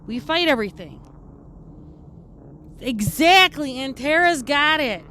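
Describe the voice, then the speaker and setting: A woman's voice: high voice, animated, takes it slowly, bright, forceful tone, slight background noise, heavily acted. A woman playing a brash, foul-mouthed redcap fae, a tough mechanic, who chats in character on a live stream with a New York-ish accent and rambling, streetwise talk. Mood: gruff banter.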